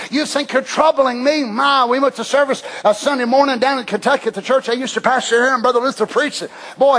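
An older man preaching a fervent sermon as pastor in a church, shouting at times and dropping to hushed tones. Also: very high-pitched. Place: church sanctuary.

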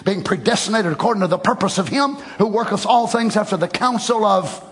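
A man's voice: high voice, lively intonation, fairly quick, husky. A middle-aged man preaching a sermon in a folksy, conversational way that swells into emphatic exclamations. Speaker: pastor.

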